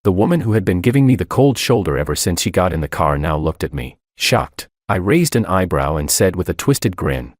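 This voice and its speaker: A man narrating a first-person romance story in an even, unhurried way. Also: low voice, no room sound, clean studio sound.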